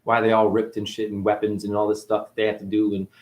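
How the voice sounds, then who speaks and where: A man delivering a rambling spiritual monologue, profane and full of wordplay, who calls the listener honey and swings from mutters to excited outbursts. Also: fairly low pitch, quick pace. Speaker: spiritual speaker. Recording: roomy echo.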